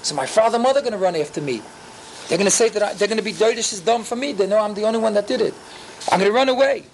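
A man's voice: high-pitched, very fast, slight background noise, low-quality recording. A man voicing a guilty, panicky biblical man who stammers as he denies his crime. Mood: panicked. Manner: stammering, pleading.

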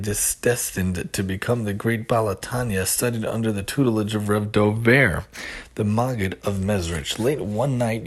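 A man hosting a recorded religious lesson, retelling stories in an earnest, measured teaching cadence. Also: lowish voice, breathy edge. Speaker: host of a Torah lesson show.

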